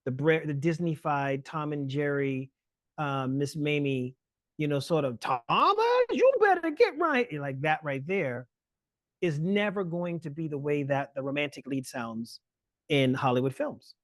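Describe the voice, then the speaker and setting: Man, lecturer on a webinar call, brisk, filler-heavy delivery, slightly high voice, dry sound. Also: no room sound. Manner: fast, fluent explaining with frequent fillers. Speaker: guest lecturer.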